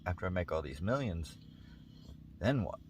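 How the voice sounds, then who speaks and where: A contented fisherman, voiced by a man retelling a tale, speaking slowly and plainly. His voice sits extremely low. Background noise is clearly heard. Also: big pitch swings, darkish tone.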